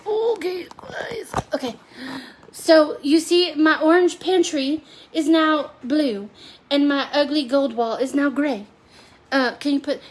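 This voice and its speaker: Bubbly high-voiced woman cooking live. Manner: bubbly, rambling, talks to viewers by name. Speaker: home cooking livestream host. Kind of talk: chatty live cooking stream. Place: home kitchen.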